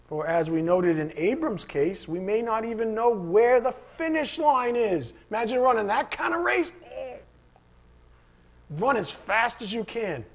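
A higher-pitched man with a husky, slightly breathy voice preaches to his congregation. He tells animated stories, acts out little asides and fires rhetorical questions between Scripture readings. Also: a little slow. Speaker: pastor. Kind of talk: sermon.

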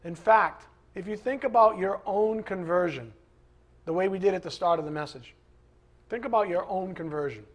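A man preaching a sermon in a conversational, animated way, with asides to the congregation. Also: high-pitched, moderate pace. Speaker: pastor.

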